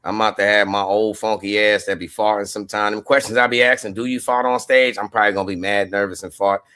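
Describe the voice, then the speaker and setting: A man's voice: on the low side, flat delivery, fast, pushed and bright. Slangy, rambling man telling stories. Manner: slangy, rambling storyteller, laughs a lot. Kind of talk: casual podcast chat.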